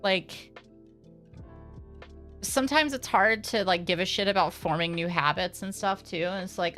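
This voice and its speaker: A woman's voice: medium pitch, expressive, moderate pace, bright, forceful tone. A young woman streamer chatting casually with her live audience, candid and sarcastic, swearing freely and rambling with lots of fillers. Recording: faint music behind.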